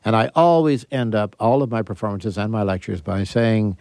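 Animated storytelling man, dry studio sound. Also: lowish voice, moderate pace, few pauses, dry recording. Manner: animated, theatrical storyteller acting out quotes. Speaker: guest, magician and escape artist. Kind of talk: interview, storytelling.

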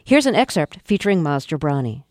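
A woman hosting a radio interview, asking measured, curious questions. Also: low-pitched, sing-song, darkish tone, no room sound, studio quality.

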